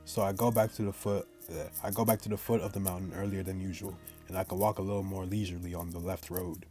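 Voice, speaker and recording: Deep-voiced man reading a game aloud. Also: steady tone, fast talker, dark tone, faint music behind. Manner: plain read-aloud, breaks off into slangy chat to viewers. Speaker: gaming channel host. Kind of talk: reading visual novel text aloud with casual asides.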